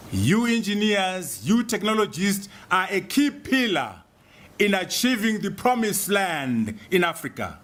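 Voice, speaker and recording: A man's voice: high voice, fairly bright tone. A man from Zimbabwe giving an emphatic, rhetorical public speech, repeating key phrases for effect. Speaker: speaker.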